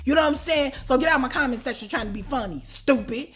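A woman vlogger telling a story in a casual, animated way, swearing often and quick to shout. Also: high-pitched, soft background music.

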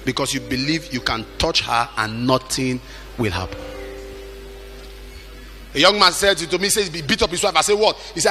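A middle-aged man preaching a sermon with emphatic delivery, at times shouting and acting out the people he quotes. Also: fairly high pitch, fairly quick, pauses often, soft background music.

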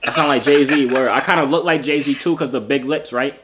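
A man's voice: mid-range voice, brisk, a loud crowd. A man in his twenties with a New York accent, chatting and flirting playfully with strangers on a video app and joking to his viewers in street slang. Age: 20s. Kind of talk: casual flirty chat with asides to viewers.

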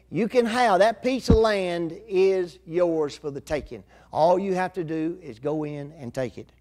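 A man's voice: sits high, darkish tone. An older man preaching a sermon in a folksy, conversational way.

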